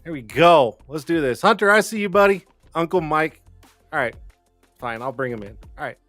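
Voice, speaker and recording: A man hosting a casual live-stream talk show, rambling and excitable, swearing freely. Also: on the high side, moderate pace, faint music behind. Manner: rambling, profane and excitable, with frequent restarts and laughs. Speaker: livestream talk show host.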